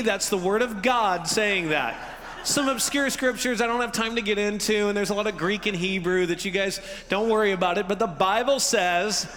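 Bright-toned pastor in a reverberant hall. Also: male voice, sits high, a little hiss or hum. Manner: conversational, humorous, acts out listeners' reactions. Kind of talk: sermon. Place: church sanctuary. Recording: long reverb of a large hall.

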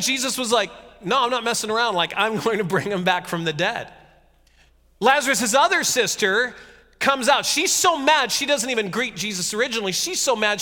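A man giving a casual, conversational sermon, retelling a scripture story with jokey asides and animated reading. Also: high-pitched, in a large hall. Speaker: pastor.

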